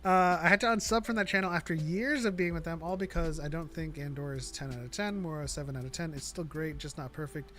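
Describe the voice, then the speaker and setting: A man's voice: on the high side, quick pace, few pauses, fairly bright tone, faint music behind. A man co-hosting a fan podcast in casual chat, arguing his points at length and laughing often. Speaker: podcast co-host.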